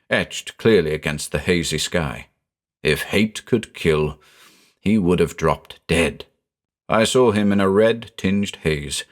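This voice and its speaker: A man giving a measured, brooding scripted narration of a horror story. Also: low voice.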